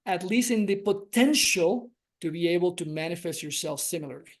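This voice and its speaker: Earnest and reflective, a male relationship coach holds a conversational podcast discussion, lengthening important words for emphasis. He has a high-pitched voice with lively intonation and a brisk delivery.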